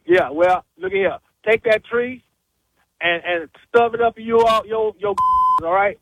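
A man's voice: sits high, wildly swooping pitch, unhurried, creaky, no echo. A man on a phone call, defiant and dismissive. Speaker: prank call target. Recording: noisy phone line.

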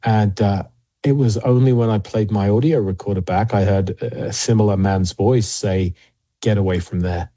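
A man as an interview guest, telling investigation stories in a measured way with frequent pauses and fillers. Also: on the low side, fairly even intonation, warm tone, no echo. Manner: measured, many fillers and restarts. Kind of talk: interview storytelling.

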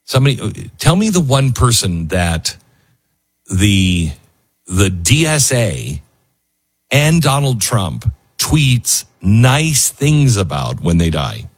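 A man's voice: on the low side, sing-song, slow pace, husky, no echo. A man hosting a talk radio show, musing in an emotional, rambling monologue full of restarts.

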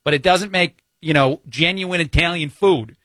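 A man's voice: a little high, normal speed, fairly bright tone, dry recording. A man with a New Jersey accent filling in as a talk radio host, giving opinionated, chatty commentary with many fillers into a studio mic.

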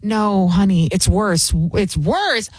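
A woman's voice: mid-range voice, animated, takes it slowly, slightly rough, no echo. An older wife coaxing her husband in a soothing way, as a woman mimics her. The voice is lightly raised and sits close to the mic. There is no room sound.

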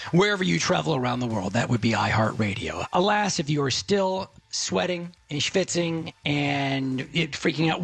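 Radio host, male, from Texas. Gravelly and lively delivery, dry studio sound with faint music under it. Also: sits high. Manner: chatty, joking, self-interrupting. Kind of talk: casual radio talk.

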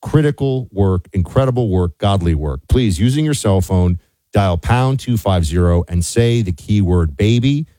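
A man's voice: on the low side, expressive, moderate pace, mellow, no echo. A man co-hosting a talk radio show, chatting with his partner and then reading a sponsor ad. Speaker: radio co-host. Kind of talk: talk radio chat and ad read.

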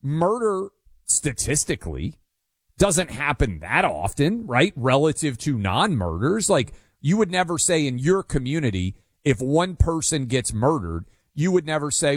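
Animated man hosting talk radio. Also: a little high, a little slow, husky, no echo, studio quality. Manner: animated, emphatic, sarcastic. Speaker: radio talk show host. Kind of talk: casual talk radio banter.

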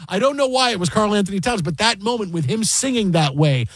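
A man's voice: high-pitched, expressive, fast, few pauses, no echo, shouting. A man hosting sports talk, rambling and emotional, with many restarts. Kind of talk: excited sports talk chat.

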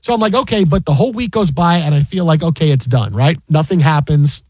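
A man who works as a sports broadcaster, telling an animated anecdote with many restarts and an incredulous tone. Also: a little high, brisk, dry recording.

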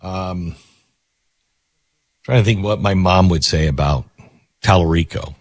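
A man's voice: low-pitched, measured pace, dry recording. A man hosting talk radio, delivering a mocking, rambling monologue into a studio microphone. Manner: mocking, rambling, self-correcting. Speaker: radio talk show host.

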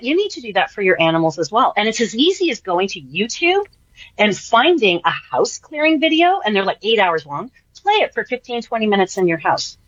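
An energetic woman guest explaining her ideas on a radio show, often repeating herself and checking in with "right?". Her voice comes over a slightly dull, muffled line, and it sounds dry and close. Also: mid-range voice, normal speed, no echo. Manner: enthusiastic, repeats phrases, tag questions like "right?". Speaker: spiritual energy worker guest. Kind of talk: casual radio interview.

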